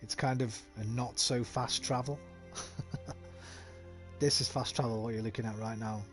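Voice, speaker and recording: A man's voice: medium pitch, steady tone, normal speed, over music. A man with a West Midlands accent giving casual, rambling commentary while streaming a game, swearing freely. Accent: West Midlands English.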